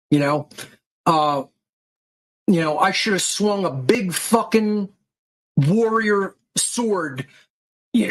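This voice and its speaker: A man's voice: sits high, fairly bright tone, rough recording. A male podcast host giving an angry, aggressive monologue full of profanity and insults.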